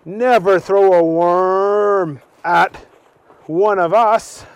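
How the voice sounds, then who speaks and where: A man voicing a slow, stern talking cow. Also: high voice, steady tone, smooth, no room sound, pitched above the performer's own voice, exaggerated voice. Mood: scolding. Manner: slow, drawn-out scolding.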